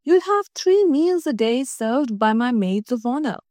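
A young princess in a storybook coaxes her pet bird in a soft, fond voice, as a woman puts her on. The voice is high and the sound is dry and close. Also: expressive, a little slow, no echo. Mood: coaxing. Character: young doting princess, gentle and possessive.

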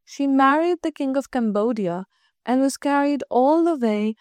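A woman reading a storybook aloud in a gentle, measured way. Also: sits high, animated, no room sound.

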